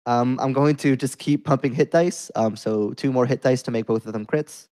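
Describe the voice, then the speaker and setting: Smooth-voiced man player. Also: medium pitch, steady tone, normal speed, darkish tone, poor audio. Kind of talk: declaring game moves in a tabletop game.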